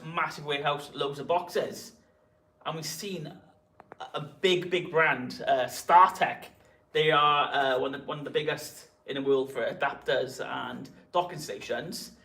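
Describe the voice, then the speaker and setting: A man's voice: on the high side, a bit bright, distant mic. A man co-hosting a casual livestream, hesitant and prone to repeating words. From Wales. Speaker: co-host. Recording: echoey room with background noise.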